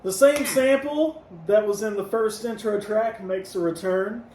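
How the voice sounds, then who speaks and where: Recorded from a distance in a reverberant room with faint noise, a man with a high voice talks at a measured pace. He co-hosts a laid-back podcast, rating an album's tracks one by one out of ten and laughing easily along the way.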